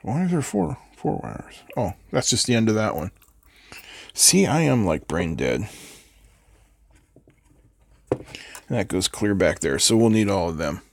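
A man's voice: on the low side, very animated, a little slow, creaky, pauses often, no room sound, studio quality. An older man hosting a live electronics build who chats casually and rambles, answering viewers between soldering steps. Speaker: host of an electronics build stream. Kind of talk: casual chat while soldering.

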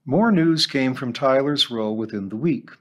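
Lively man reading a novel aloud. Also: mid-range voice, normal speed.

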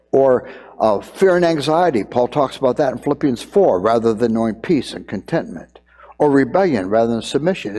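A man's voice: mid-range voice, mellow, in a large hall. An older man preaching a sermon in a conversational way, often repeating words as he thinks.

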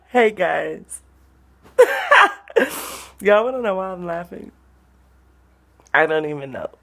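A woman's voice: mid-range voice, huge pitch swings, extremely slow, long pauses, a bit bright. A young woman, chatting and telling stories in a casual vlog, often giggling, partly filmed in a car on a phone camera. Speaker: vlogger. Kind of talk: casual vlog chat and storytelling.

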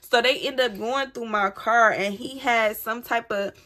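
A woman's voice: fairly high pitch, a little slow. A woman telling a personal story in a casual, dramatic way, talking straight to her viewers. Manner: animated, dramatic retelling addressed straight to viewers. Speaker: storyteller vlogger.

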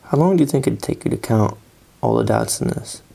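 Sleepy gravelly man rambling casually. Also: mid-range voice, lively intonation, brisk, dark tone. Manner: rambling, drowsy, lots of fillers and trailing thoughts. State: sleepy, yawning. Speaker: artist doing doodle commentary. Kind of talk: casual rambling commentary while drawing.

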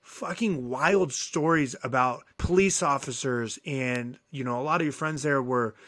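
A man co-hosting a podcast, telling a long story in a casual, animated way, cursing freely and acting out what people said. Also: medium pitch, a little slow. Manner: animated, profane, acts out quoted dialogue. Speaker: podcast co-host.

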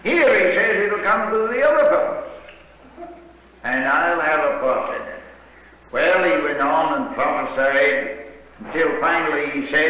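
An older man preaching, retelling a story slowly and dramatically with quoted dialogue. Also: a little high, animated, pushed and bright. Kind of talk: sermon storytelling. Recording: echoey hall with long reverb.

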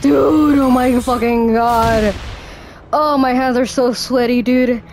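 High-voiced girl streaming a fighting game, hyped and swearing, drawn-out talk, game music under. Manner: excitable, hypes herself up, swears a lot. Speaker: gamer. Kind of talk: let's play commentary. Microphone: headphones.

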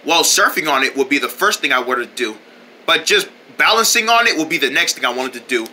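A performer voicing a big, clumsy, stubborn male puffin in a cartoon skit, with a slow, low drawl. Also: expressive, pushed and bright.

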